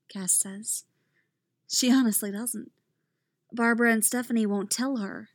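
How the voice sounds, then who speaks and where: A woman narrating a story aloud in a calm, even reading voice. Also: a little high, a little slow, no echo, clean studio sound. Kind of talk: reading fan fiction aloud.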